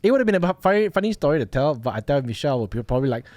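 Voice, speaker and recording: A man's voice: fairly high pitch, very fast, no room sound. A man with a Malaysian English accent, hosting a casual podcast chat and acting out dialogue as he tells stories. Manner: animated storyteller, acts out dialogue. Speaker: podcast host.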